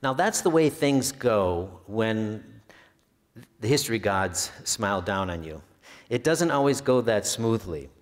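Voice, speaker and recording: With a lowish voice and a slightly slow delivery, a man discusses his book at a public history talk held in a library event hall. He tells anecdotes like a relaxed storyteller, with some filler hesitations, and the sound has long hall reverb.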